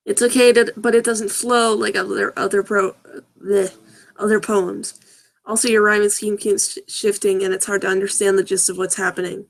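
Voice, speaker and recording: Reading cringey fan fiction and comments on her video, a woman with a mid-range voice keeps things casual and funny. She giggles, breaks into laughter, and trips over the words in apparent confusion.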